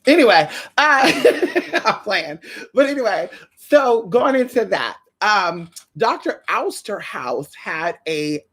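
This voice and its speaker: A woman hosting a casual livestream, sassy and animated, calling her viewers honey and girl while greeting them. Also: slow pace, husky. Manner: swoops high for greetings and drops low for asides.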